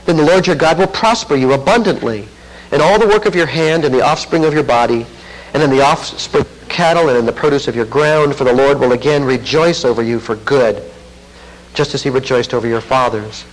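Speaking briskly on a rough recording, a preacher works through scripture in an expository sermon, reading passages aloud and commenting earnestly. His emphasis swells to a fervent pitch before sinking low again.

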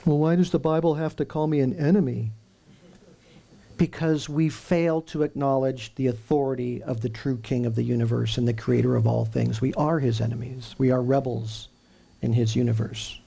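A man preaching a sermon, emphatic, with rhetorical questions and slowly stressed lists. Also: mid-range voice, steady tone, creaky, mellow, slightly rough.

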